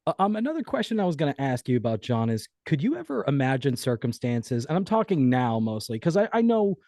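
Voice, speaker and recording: A man's voice: mid-range voice, big pitch swings, quick pace, dark tone, no echo, clean studio sound. A man hosting an interview, reacting to the story and asking pointed follow-up questions. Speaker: interview host. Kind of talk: casual interview.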